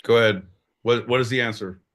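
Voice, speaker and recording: A man's voice: medium pitch, fairly even intonation, fairly quick, a bit bright. A man co-hosting a podcast, bantering casually, swearing and teasing with exasperation. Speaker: podcast co-host.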